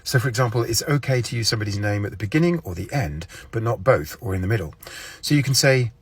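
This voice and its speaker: A man giving a deadpan, mock-serious lesson and acting out his example phrases with odd intonation. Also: fairly low pitch, quick pace, breathy edge, no echo. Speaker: comedic explainer. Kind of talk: deadpan mock-instructional monologue.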